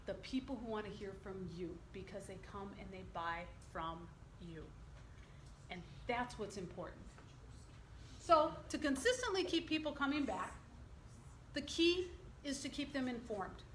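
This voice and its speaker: A middle-aged woman leads a workshop and keeps throwing questions to the audience. Her voice sits a touch high. The room is echoey, with a faint hum behind her. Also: lively intonation, normal speed. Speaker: presenter. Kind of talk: interactive workshop presentation.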